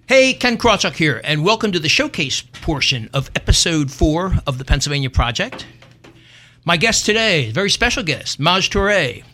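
A man's voice: on the high side, sing-song, normal speed, sharp tone, slight background noise. A man with a Philadelphia accent hosting an interview podcast, jokey and chatty. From North Philadelphia. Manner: jokey, chatty, laughs along. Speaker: podcast host. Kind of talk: casual interview chat.

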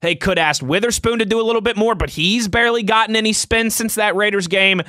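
A man's voice: sits high, quick pace, sharp tone, no echo, clean studio sound. A young man hosting a sports talk show, chatting loosely and reading out listener tweets, laughing easily. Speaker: sports podcast host.

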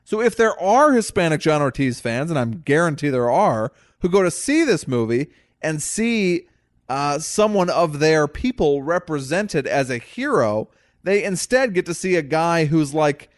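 A man's voice: fairly high pitch, big pitch swings, measured pace, no echo, studio quality. A man co-hosting a casual movie review podcast, ranting bluntly and indignantly with crude words. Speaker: podcast co-host.

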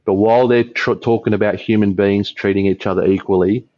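A man's voice: fairly low pitch, fairly even intonation, a little fast, a little mellow, no room sound, lo-fi sound. A man with an Australian accent, a podcast guest chatting casually over beers, rambling, swearing freely and laughing a lot.

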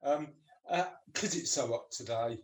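A man's voice: mid-range voice, unhurried. A man hosting a podcast in casual chat, playful and teasing, often laughing. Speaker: podcast host.

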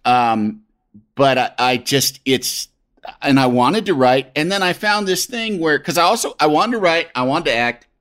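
Middle-aged man, podcast host, lively and bright, rambling casual chat with restarts. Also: on the high side, normal speed, clean tone. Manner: rambling, many restarts, animated.

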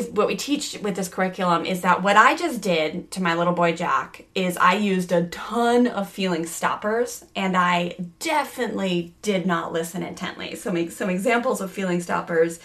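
A woman with a medium-pitched, slightly bright voice hosts a parenting course. She laughs often and works energetically through lists of points, mixing the lesson with role-play.

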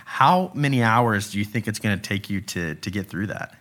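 Upbeat male host, bright lowish voice, eager. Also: expressive, normal speed. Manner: enthusiastic, upbeat. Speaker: podcast host. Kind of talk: conversational interview.

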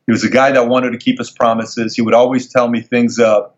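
A man telling a personal story as an interview guest, animated and acting out the people he quotes in a higher voice. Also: fairly quick, few pauses. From Middle East. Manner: animated, acts out quoted dialogue in raised voice. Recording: dull lo-fi sound.

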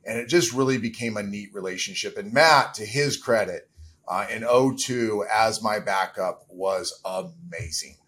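A man's voice: on the low side, measured pace, a bit bright. Middle aged guy on a podcast, telling his story, choked up but candid. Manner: candid, emotional storytelling, holding back tears. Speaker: podcast guest. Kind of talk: interview.

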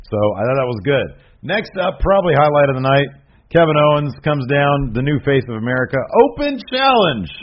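Animated husky man on a podcast. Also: a little high, brisk, highs cut off. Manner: animated, excitable, laughs often. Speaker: podcast co-host. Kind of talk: casual wrestling podcast chat.

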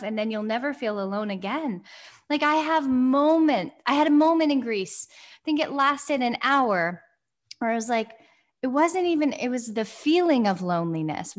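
Young woman podcast co-host, effusive and emphatic, voice a bit high. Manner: effusive, emphatic, repeats phrases. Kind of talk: casual chat.

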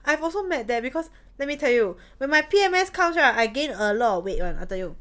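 A woman's voice: high-pitched, sing-song, fast talker, fairly bright tone. A young woman with a Singaporean English accent, chatting casually and frankly, swearing freely and acting out bits of dialogue. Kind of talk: casual chat.

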